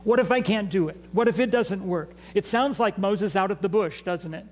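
A man's voice: high voice, moderate pace, a little mellow, slight background noise, low-quality recording. A man preaching a sermon in a church in a conversational way, asking the congregation to respond. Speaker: pastor. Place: church sanctuary.

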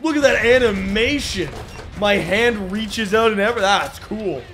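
A man commentating his gameplay, sarcastic and excitable, often shouting at the game. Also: sits high, unhurried, music in the background. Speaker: gaming video host. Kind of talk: let's play commentary.

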